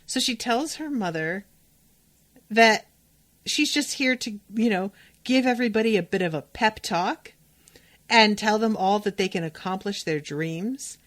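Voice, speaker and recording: A woman's voice: mid-range voice, unhurried, a bit bright. A woman hosting a podcast, recapping an episode in a chatty, opinionated way and sometimes talking straight to the characters. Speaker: podcast host.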